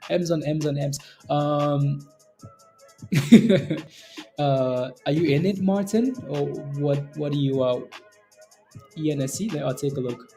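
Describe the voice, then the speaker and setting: A man hosts a live trading stream in a loose, chatty way, often breaking into chuckles as he talks to his chat. His voice sits a little high but sounds mellow and soft-edged. Faint music plays in the background. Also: slow pace, pauses often. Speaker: stock trading livestream host. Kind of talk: casual live market commentary.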